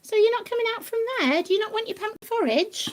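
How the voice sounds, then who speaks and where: A woman speaks in a very high voice that swoops up and down. She coaxes and praises her pet rabbit in a playful, sing-song way. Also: animated, fast talker, a little hiss or hum. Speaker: pet rabbit owner hosting a live stream. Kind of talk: doting talk to a pet rabbit.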